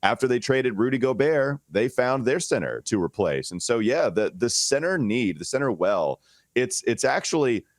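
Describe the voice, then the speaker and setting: A man's voice: medium pitch, very animated, moderate pace, dry recording, studio quality. A man hosting a sports podcast, talking casually and thinking aloud with frequent restarts. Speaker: podcast host.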